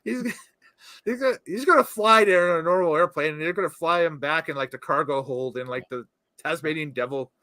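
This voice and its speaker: A man's voice: a little high, sharp tone, no echo. A man co-hosting a wrestling podcast, chatting casually and laughing often. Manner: laughs often, quick teasing remarks. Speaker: podcast co-host. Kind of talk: casual chat.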